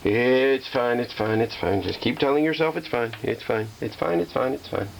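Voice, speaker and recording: Man, mid pitch, casual workshop vlogger, chatty and self-mocking, faint hiss behind. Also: moderate pace, creaky. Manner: talks himself down, repeating calming phrases in a singsong way; self-deprecating, chatty with viewers. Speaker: hobbyist restoring a slot machine.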